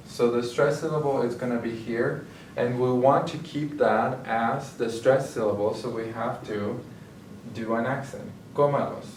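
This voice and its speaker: A man tutors step by step, pausing to check in with "okay?" as he explains. His voice sits at an ordinary pitch and sounds a little distant from the mic. The room around him is echoey, with a faint hiss underneath. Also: a little mellow. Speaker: Spanish tutor. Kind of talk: recorded grammar lesson.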